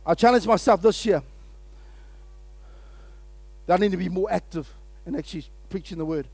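High-voiced, fired-up man preaching. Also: moderate pace, husky, no room sound. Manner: energetic and exclamatory, often laughing, calls out to the audience. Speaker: pastor. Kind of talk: sermon.

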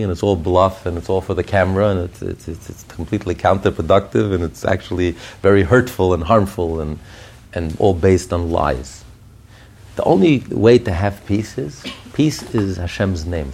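A man, a rabbi, preaching a sermon with animated, repetitive emphasis and storytelling. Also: deep voice, creaky, breathy edge.

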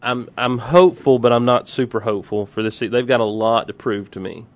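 A man's voice: medium pitch, a little fast. A man co-hosts a casual fan podcast with a wry, joking manner. He is blunt and opinionated in his back-and-forth chat. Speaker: podcast co-host.

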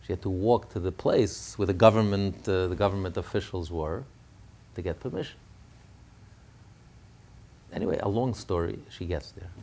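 A man's voice: sits low, normal speed, gravelly, pauses often, darkish tone. A man giving a sermon through a family story, talking casually with restarts and building to fervent, emphatic peaks. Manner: conversational, with fillers and restarts, rising to fervent peaks.

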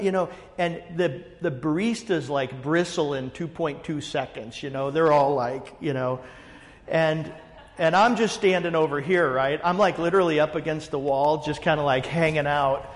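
A man, a pastor, telling a story in casual group talk, rambling and animated with lots of "you know". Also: on the high side, normal speed, in a large hall. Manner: animated, rambling, many fillers.

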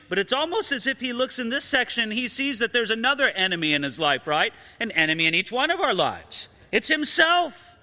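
A man preaching a sermon with a high, very bright, ringing voice. He speaks earnestly and builds emphasis as he goes. A long reverb trails behind his words. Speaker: pastor.

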